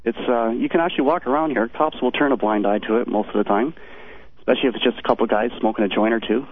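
A man's voice: mid-range voice, quick pace, breathy edge. A man with a Canadian accent calling into a radio show, talking casually and rambling. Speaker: caller. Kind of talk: phone-in call. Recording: tinny phone line.

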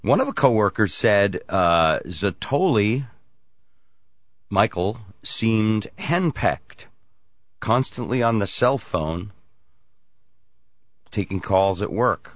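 A man's voice: fairly low pitch, lively intonation, slow, pauses often, no echo, muffled recording. A man hosting a morning radio talk show, joking with his co-hosts and reading news items aloud. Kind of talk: casual morning show banter.

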